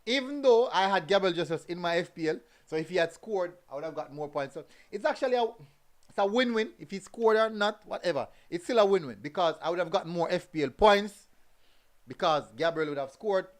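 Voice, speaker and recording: A man's voice: high voice, expressive, brisk. A man hosting a casual football review show, often repeating his phrases for emphasis.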